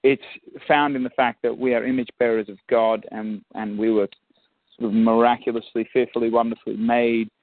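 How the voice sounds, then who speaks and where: A man's voice: medium pitch, flat delivery, moderate pace, no echo. Australian male guest, reflective and restarting, on a dry phone-line recording. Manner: thoughtful, many restarts. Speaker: musician and actor, guest. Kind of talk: casual interview.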